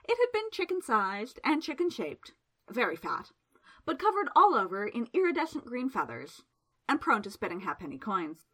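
A woman narrating a fantasy novel aloud in a lively, expressive storytelling manner. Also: fairly high pitch, moderate pace, breathy edge. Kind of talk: audiobook narration.

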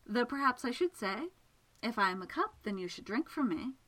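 Casting note: woman reading an amused, self-assured enchantress, teasing and playful, with a lively pitch. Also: moderate pace. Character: playful, confident female enchantress magician. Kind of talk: audiobook character reading.

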